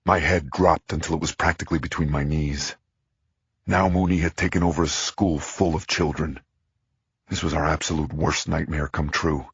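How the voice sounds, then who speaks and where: Man reading a thriller in first person, very deep, dull dry lo-fi sound. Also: fairly even intonation, a bit bright, husky, dry recording. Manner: tense, measured. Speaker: audiobook narrator.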